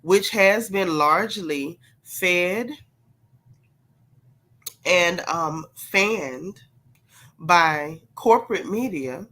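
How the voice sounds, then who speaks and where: A woman's voice: on the low side, animated, very slow, pauses often, a bit bright. A woman with a congested, sick voice hosting a gossip livestream, talking straight to her chat and stressing her points by repeating them. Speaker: gossip channel host. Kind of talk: livestream commentary.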